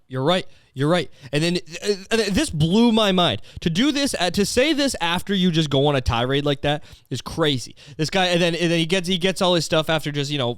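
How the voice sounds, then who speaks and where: A man's voice: fairly high pitch, a bit bright, clear, resonant tone, no echo, clean studio sound. A man hosting a comedy podcast, rambling through a story with lots of swearing, fillers and restarts. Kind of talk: casual comedic monologue.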